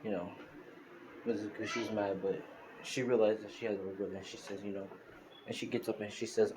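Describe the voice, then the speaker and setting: A man with a lowish voice casually retells a fan story, rambling and restarting his sentences as he goes. A steady hiss of noise runs behind the home recording. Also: fairly quick. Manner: rambling, many restarts and fillers.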